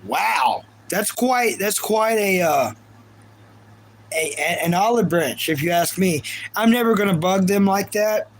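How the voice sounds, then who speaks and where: A man's voice: high voice, animated, unhurried, a little hiss or hum, poor audio. A man with a Kentucky accent chatting casually on a live stream, rambling earnestly and reading viewer comments aloud. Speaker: livestreamer.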